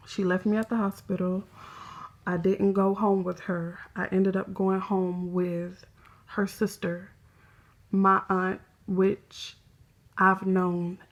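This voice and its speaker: Slow, flat-voiced woman vlogging confessionally. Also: mid-range voice, highs cut off. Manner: hesitant, halting, soft-spoken. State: emotional, close to tears. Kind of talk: confessional personal vlog.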